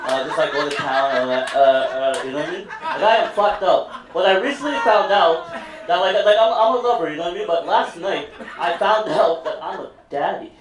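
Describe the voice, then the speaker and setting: A crude, rambling male comedian working a live stand-up set in a slightly high voice. He is picked up from a distance in an echoey room, with heavy noise behind him. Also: moderate pace. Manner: crude, rambling, heavy on "you know what I mean". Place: live comedy venue with audience. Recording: roomy, distant mic, loud background noise.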